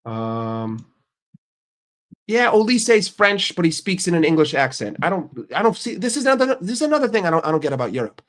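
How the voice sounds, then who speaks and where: Young American guy hosting a channel, brash and profane, somewhat high voice. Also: sing-song, a little fast. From United States. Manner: ranting, heavy swearing, brash. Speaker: streamer and channel host. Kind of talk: casual profane rant.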